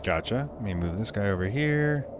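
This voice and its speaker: A man's voice: on the low side, expressive, normal speed, background noise. Chatty male game master. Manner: loose, chatty narration with many fillers. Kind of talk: narrating a tabletop game.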